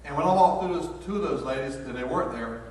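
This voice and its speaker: A pastor preaches with a folksy, storytelling manner, his voice pitched a little high for a man. He is heard from a distance in a church hall. The reverb is heavy and long, with a faint hum behind him. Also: animated, fast talker, a little mellow. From North Carolina, USA. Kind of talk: sermon. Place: church sanctuary. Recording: echoey hall, picked up from far off.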